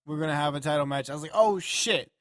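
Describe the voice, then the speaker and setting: A man co-hosting a podcast, talking in a rambling, profane and animated way. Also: a little high, rapid-fire, no room sound, studio quality. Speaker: podcast co-host. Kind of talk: casual chat.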